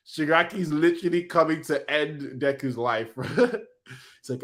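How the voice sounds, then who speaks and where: A man hosting a casual manga reaction, reading panels aloud in an excitable, slangy way. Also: mid-range voice, normal speed.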